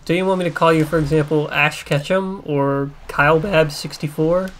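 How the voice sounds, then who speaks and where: A man giving casual, crude gameplay commentary, joking and swearing and breaking into excited outbursts. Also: on the high side, normal speed, slight background noise. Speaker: let's play gamer. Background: faint game soundtrack music.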